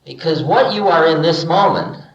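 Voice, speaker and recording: A man's voice: fairly high pitch, normal speed. Older man giving a spiritual talk, echoey. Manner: relaxed storytelling, acting out dialogue with humor. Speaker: spiritual teacher. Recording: dull echoey archival lecture recording.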